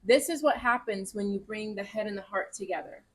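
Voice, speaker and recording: A woman's voice: medium pitch, brisk, breathy edge. A woman giving a casual tarot reading to camera at home, gushing, chatty and encouraging, with the odd swear word. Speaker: tarot reader.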